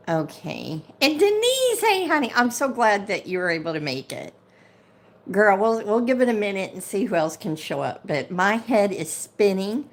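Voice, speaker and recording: A woman hosting a casual livestream, ranting with indignation and greeting viewers by name as they join. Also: lowish voice. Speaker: livestream host.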